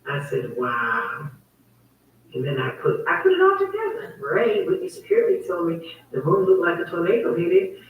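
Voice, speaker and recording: A woman's voice: fairly low pitch, animated, normal speed, very echoey, recorded from a distance, phone-quality sound, a little hiss or hum. A woman hosting her own online talk show, telling a story in a heated, emphatic, repetitive way. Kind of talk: casual livestream monologue.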